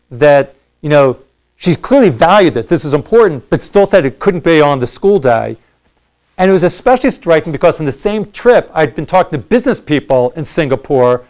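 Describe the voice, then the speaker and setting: After a university lecture, a middle-aged man with a slightly high voice takes audience questions, explaining things conversationally with frequent fillers and restarts.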